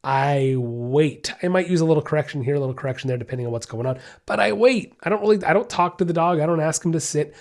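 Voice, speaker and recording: A man's voice: fairly high pitch, fast talker, hardly any pauses. A man who hosts a dog-training podcast, answering a listener's question in an emphatic, conversational way and repeating his key points.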